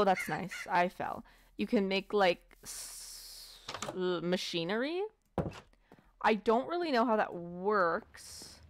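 A woman talks her way through a game in loose, rambling commentary. Her voice sits on the low side and she takes her time, muttering self-deprecating asides. A faint hiss sits under the recording. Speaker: let's play gamer. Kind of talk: casual gameplay commentary.

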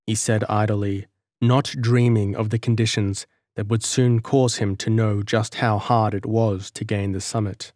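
A man with a fairly low voice narrates an audiobook from a script, reading in a measured, expressive storytelling manner. The recording is dry and clean, with studio sound.

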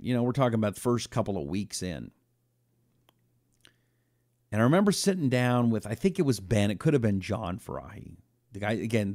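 A man's voice: medium pitch, dry recording, studio quality. A man hosting a talk radio show, telling stories and acting out quotes. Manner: animated storytelling, acting out quotes.

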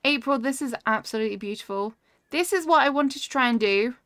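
Girl streaming, kinda high voice, gushes at everything, dry close mic. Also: brisk, fairly bright tone, clear, resonant tone, dry recording. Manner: gushing, easily delighted, reads chat aloud. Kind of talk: casual livestream chat while playing.

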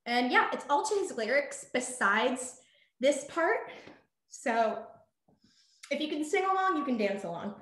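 A woman's voice: sits high, big pitch swings, a little slow, pauses often, a bit bright. A young woman teaching a virtual dance workshop in a chatty, upbeat way over a video call, out of breath and full of fillers. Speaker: dance instructor. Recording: echoey room.

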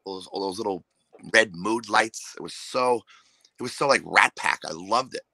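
A man with a New York accent and a lowish, sharp-edged voice rants and swears through his stories. He jumps into loud mock voices as he tells them. The recording is close and dry. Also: moderate pace, gravelly, no room sound, poor audio. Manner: profane, ranting, acts out loud impressions of hecklers and drunks. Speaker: comedian guest. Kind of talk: casual podcast chat.

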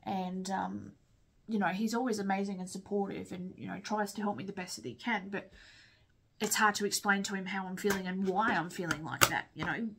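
A woman's voice: mid-range voice, fairly even intonation, brisk, creaky, fairly bright tone, breathy edge. Young Aussie woman, candid rambling vlog chat over makeup, sniffly. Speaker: vlogger. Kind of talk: casual chat while doing makeup.

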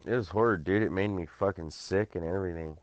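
A man's voice: low-pitched, fast, highs cut off. A young man bantering with friends over voice chat while gaming, laughing, swearing and teasing. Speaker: gamer in voice chat. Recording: voice chat over game gunfire. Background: game gunfire.

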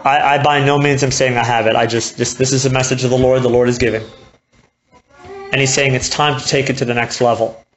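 A woman's voice: very deep voice, steady tone, a little fast, faint music behind, low-quality recording. A woman preaching a sermon at a church gathering, talking in a conversational way and acting out the voices she quotes.

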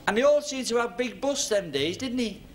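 Man, stand-up comic, high voice, club stage, noisy old TV recording under heavy laughter. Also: lively intonation, a little fast. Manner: reminiscing storyteller, tag questions to the audience. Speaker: stand-up comedian. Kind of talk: stand-up routine. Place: working men's club stage.

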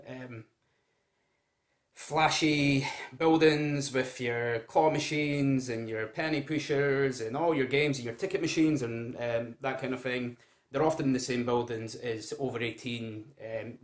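Chatty man in an echoey room. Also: mid-range voice. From Scotland. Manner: chatty, informal, addresses viewers as guys and folks. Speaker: founder of a gambling recovery group. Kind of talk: casual direct-to-camera talk.

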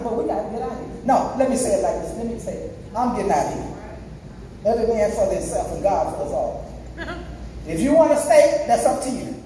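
A woman evangelist preaches emphatically in a church sanctuary, half-singing phrases and calling out to the congregation. Her voice is a little high and a little mellow, picked up from far off in an echoey hall with slight background noise.

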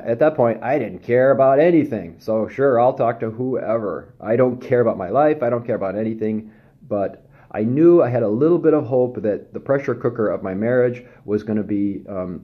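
A man giving a candid, self-deprecating personal testimony, speaking haltingly with frequent pauses and restarts. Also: fairly low pitch, lo-fi sound. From Southern California.

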